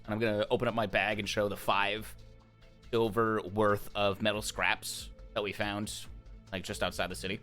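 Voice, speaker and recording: A man playing in a tabletop game, upbeat and eager as he offers to trade. His voice is bright and a little low. Faint music plays behind. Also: fairly even intonation, moderate pace. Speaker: player. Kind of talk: casual tabletop game chat.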